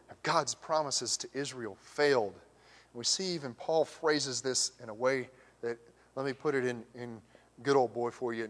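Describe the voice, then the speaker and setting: Male pastor, a touch high-voiced, preaching, big swings from loud emphasis to hushed whispers, long church reverb. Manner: preaching with rising emphatic questions and dropping to near whispers. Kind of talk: sermon. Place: church sanctuary.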